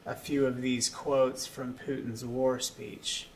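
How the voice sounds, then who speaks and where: A man's voice: medium pitch, little pitch movement, slow pace, recorded from a distance, a little hiss or hum, low-quality recording. Rambling male interview host. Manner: loose and conversational, trailing off into fillers. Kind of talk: casual interview talk. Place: studio.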